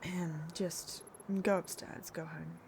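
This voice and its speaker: A woman's voice: lowish voice, little pitch movement, slow pace, background noise. A woman streaming a story game, chatting casually in a sleepy, rambling way, often correcting herself and laughing. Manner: rambling, self-correcting, giggly. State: sleepy, yawning. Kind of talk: casual gameplay commentary.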